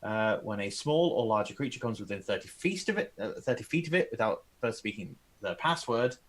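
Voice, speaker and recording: A young man playing a tabletop game, calmly reading out spell rules in a measured way. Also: lowish voice, low-quality recording. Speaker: player. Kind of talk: casual tabletop game play.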